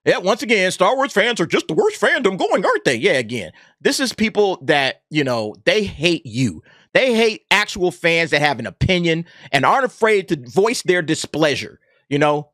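A YouTube commentary host delivers a heated opinion rant in a high-pitched, sing-song voice at a moderate pace, his tone fairly bright. He's sarcastic and emphatic, capping his points with "okay?". The recording is dry, with clean studio sound.

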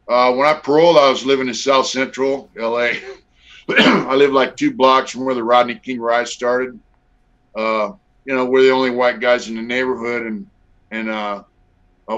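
A man's voice: medium pitch, a bit bright. Blunt laid-back middle-aged man, lo-fi. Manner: blunt, profane, laid-back storyteller with many fillers. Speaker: guest. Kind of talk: casual storytelling interview. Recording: dull lo-fi audio.

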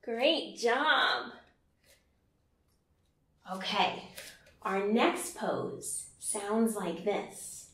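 A woman teaching a yoga class for small children, guiding them in a slow, gentle and playful way, with sung lines and animal sounds. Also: medium pitch, animated, reverberant, distant mic.

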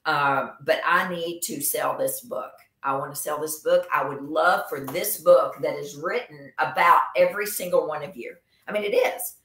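Emphatic low-voiced woman. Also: normal speed, few pauses, fairly bright tone, reverberant. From Kentucky. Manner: emphatic, repeats phrases for emphasis. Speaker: nurse practitioner and show host. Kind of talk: casual livestream talk.

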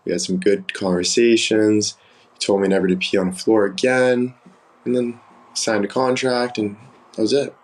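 A man's voice: lowish voice, fairly even intonation, moderate pace, low-quality recording. A young man hosting a live stream, telling candid, rambling stories and answering viewer comments. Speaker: livestream host. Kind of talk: casual livestream chat.

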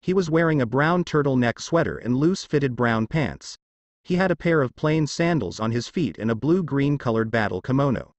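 A man narrating a fanfiction story in a steady storytelling read. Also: mid-range voice, normal speed, dry recording, highs cut off. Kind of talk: fanfiction reading.

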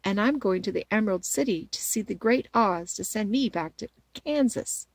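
A woman's voice: mid-range voice, expressive, normal speed, dry recording. A woman voicing a polite, brave little farm girl with a raised, wondering voice. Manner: polite, surprised.

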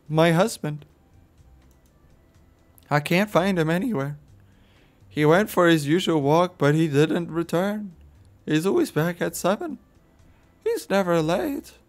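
A young man reading the lines of an anxious elderly woman in a horror game, pleading for help finding her missing husband. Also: on the high side.

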